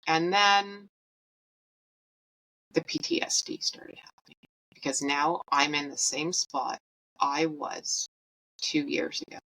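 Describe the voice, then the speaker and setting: A woman's voice: deep voice, slow, long pauses, pushed and bright, rough recording. A woman in her thirties, a podcast host, telling a personal story in a candid, wry and emotional way.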